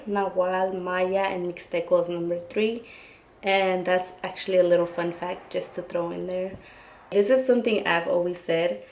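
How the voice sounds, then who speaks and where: Casual woman vlogger in her twenties, lowish voice, chatty and loose. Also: a little mellow, slight background noise, poor audio. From Oaxacan family, raised in the US. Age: 20s. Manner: chatty, lots of "like" fillers, mixes in Spanish. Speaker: YouTuber. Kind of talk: casual vlog chat.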